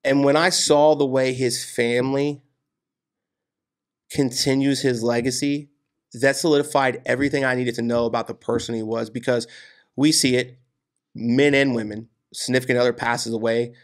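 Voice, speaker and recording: A man with a gravelly, creaky edge to his mid-pitched voice, telling personal stories as a podcast guest. He talks in a casual, animated way, dropping "dude" and "man" as he goes. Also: normal speed. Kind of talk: casual storytelling interview.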